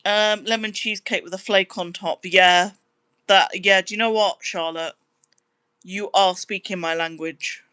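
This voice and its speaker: A woman's voice: steady tone, a little slow, bright, forceful tone, clear, resonant tone, no echo. A young British woman chatting casually on a livestream, reading out viewer comments in an upbeat way. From Britain. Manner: chatty, upbeat, squeals high when surprised. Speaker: livestreamer and musician.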